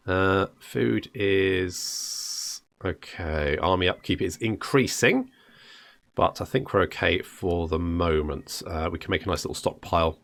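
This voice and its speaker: A man's voice: low voice, slow, fairly bright tone. A man casually commenting on a game he is playing, joking and thinking aloud. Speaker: gaming video host.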